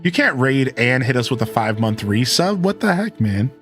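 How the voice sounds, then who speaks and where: A man from Ohio in his thirties streams live, chatting casually with his audience in an Ohio accent, his medium-pitched voice at a moderate pace with faint music behind. He's animated and rambling, with frequent self-corrections.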